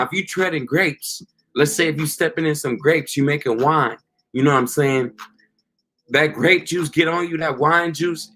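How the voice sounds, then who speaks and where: Slangy man preaching, a bit high. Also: fairly bright tone. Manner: casual slang, repeats "you know" and "okay". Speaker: street preacher. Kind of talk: informal preaching monologue.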